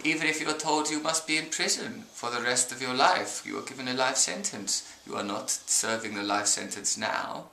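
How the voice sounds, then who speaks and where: A man imitating a serene male spiritual teacher who talks in a slow, gentle, earnest way. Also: mid-range voice, gravelly, echoey room, slight background noise.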